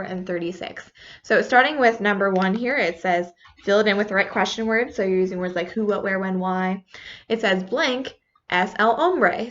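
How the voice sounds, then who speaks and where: A woman's voice: medium pitch, a bit bright, slight background noise. A woman teaching a recorded lesson, casual and patient, spelling words out letter by letter. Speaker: Spanish teacher. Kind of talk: recorded classroom feedback lesson. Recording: slightly dull lo-fi recording.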